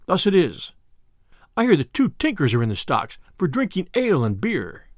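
Dude doing a cheeky fun-loving outlaw, hearty teasing, swoopy pitch. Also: male voice, wildly swooping pitch, moderate pace, no echo, studio quality. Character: merry jesting young male outlaw, bold and playful.

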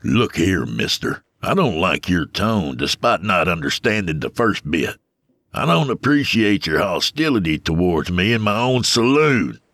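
A man's voice: low voice, sing-song, a little slow, a bit bright, no room sound, studio quality, exaggerated voice. A man voicing a stern, scoffing old-west saloon bartender. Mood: indignant.

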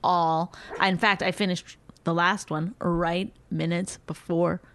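A woman co-hosting a podcast, teasing her husband in casual banter and mocking him with quick impressions. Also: lowish voice, level tone, a bit bright, a little hiss or hum. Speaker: podcast co-host. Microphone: studio microphone.

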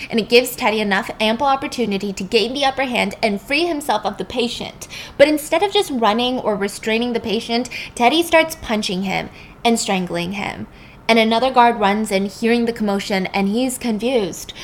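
A woman host casually retelling a film plot, animated and emphatic. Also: on the high side, moderate pace, a little hiss or hum. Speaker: podcast host. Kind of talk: casual film recap storytelling.

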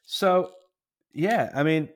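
A man in his thirties co-hosting a casual history podcast, easygoing and quick to agree. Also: on the high side. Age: 30s. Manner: easygoing, short agreeing replies. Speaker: podcast co-host.

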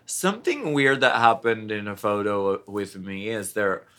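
Man, podcast co-host, campy, casual chat, low-pitched, bright, drawn-out words. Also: lively intonation. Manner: campy, drawls words like honey, many fillers.

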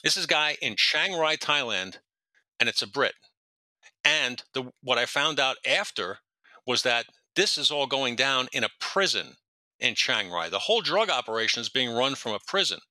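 A retired police detective appears as a guest on a podcast, telling long stories in a casual interview, rambling, correcting himself, and jumping around in time. His mid-range voice is animated, bright, and forceful at a normal speed, in a dry recording.

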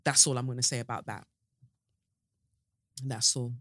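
A woman's voice: very deep voice, steady tone, moderate pace, fairly bright tone, dry recording, studio quality. A woman hosting a podcast, giving casual commentary in an outspoken, sarcastic way with muttered asides. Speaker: podcast host.

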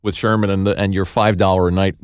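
A man's voice: low voice, little pitch movement, fast talker, clear, resonant tone, no echo, studio quality. A man co-hosting a podcast, chatting casually and enthusiastically about films. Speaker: podcast co-host. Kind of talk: casual chat.

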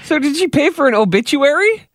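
A male radio co-host in a casual chat, reacting in an animated way with quick quips. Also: very high-pitched, no room sound, clean studio sound.

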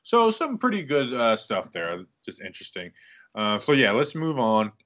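A man's voice: medium pitch, normal speed. A man hosting a casual football talk show, breaking down stats and then ranting with lots of fillers. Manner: animated, ranting with many fillers. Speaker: football podcast host. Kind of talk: casual sports commentary.

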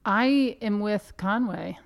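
Woman co-host, clear smooth voice, playful, defensive, thinking aloud. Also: mid-range voice, slow. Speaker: podcast co-host. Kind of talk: casual chat.

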